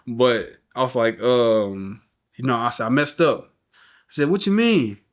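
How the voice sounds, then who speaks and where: A man's voice: medium pitch, unhurried. A middle-aged man, a guest on a podcast, tells an emotional story in loose, slangy everyday talk. He keeps dropping "you know what I'm saying" and acts out the voices of the people in the story.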